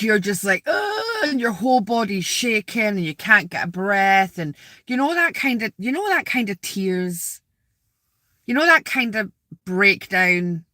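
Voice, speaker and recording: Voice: mid-range voice, sharp tone, no room sound, clean studio sound. A spiritual vlogger sitting outdoors in a graveyard, rambling casually to viewers, repeating words and asking them questions.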